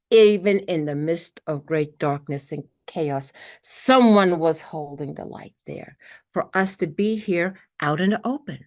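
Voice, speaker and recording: Brooklyn woman giving a spiritual talk. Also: low-pitched. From New York. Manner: earnest, peppers talk with "okay", acts out quotes. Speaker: spiritual teacher.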